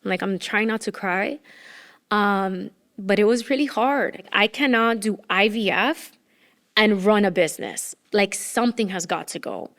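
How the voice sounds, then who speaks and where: A woman's voice: mid-range voice, unhurried, fairly bright tone. A woman in her thirties speaking as a podcast guest, telling her story candidly and emotionally, full of "like" fillers. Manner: emotional, rambling with many "like" fillers. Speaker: podcast guest, former entrepreneur.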